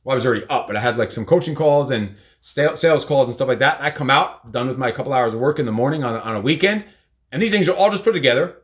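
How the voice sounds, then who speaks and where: A man's voice: mid-range voice, quick pace. A middle-aged man hosting a casual live show, rambling and teasing, with casual swearing. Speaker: podcast host. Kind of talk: casual live-stream chat.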